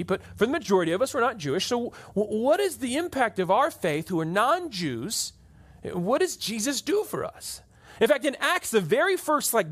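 A man preaching a conversational sermon to a church audience, often checking in with "right?". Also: sits high. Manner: conversational, keeps asking "right?". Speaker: pastor.

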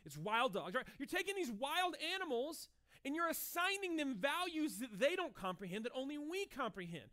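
A man in his thirties preaching a sermon in a conversational, animated way, acting out short dialogues as he goes. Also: extremely high pitch, moderate pace. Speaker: pastor.

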